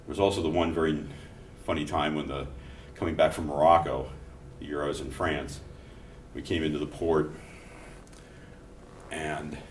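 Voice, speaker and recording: Middle-aged male teacher, conversational lecture with anecdotes, heard from the back of a roomy classroom. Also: a bass voice. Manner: conversational, telling anecdotes between explanations. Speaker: instructor. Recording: echoey classroom from far off, faint noise.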